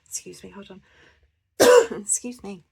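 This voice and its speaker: A woman's voice: mid-range voice, huge pitch swings, unhurried, creaky, husky. A woman chatting casually to camera as a budgeting vlogger, rambling with lots of fillers and restarts.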